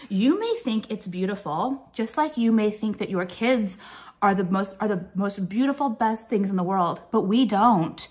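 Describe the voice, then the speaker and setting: A young woman ranting to camera in a swearing, contemptuous tone, hammering points with repeated "okay?" and "like". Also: a little high. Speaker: vlogger. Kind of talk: profane ranting monologue.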